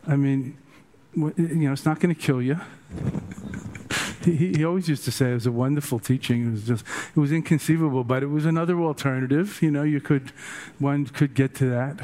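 A man's voice: a little high, fairly quick, mellow. Older man telling humorous rambling stories. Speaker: meditation teacher. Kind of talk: dharma talk.

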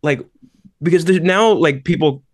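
A comedian guest on a podcast, a man chatting casually with quick reactions and affirmations. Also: a little high, no echo, studio quality. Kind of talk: casual chat.

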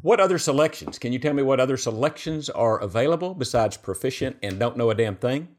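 A man with a voice of middling pitch reads a sponsor spot on a podcast. He breaks off to crack jokes and ad-lib. Between the read he chats casually with his co-hosts. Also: expressive, fast talker, darkish tone. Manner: jokey, ad-libs during the read. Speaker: podcast co-host reading an ad.

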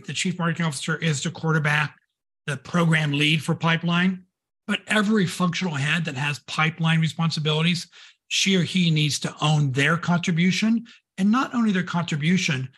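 Brief: upbeat male co-host, notably high-pitched voice. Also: a bit bright, slightly rough. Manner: upbeat, enthusiastic. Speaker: podcast co-host. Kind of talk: business podcast discussion.

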